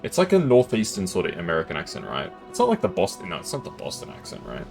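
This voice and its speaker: Deep-voiced, chatty male game streamer. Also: huge pitch swings, fast talker, gravelly, music in the background. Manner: chatty, laughs often, self-deprecating. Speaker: gameplay streamer. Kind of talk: casual live-stream commentary.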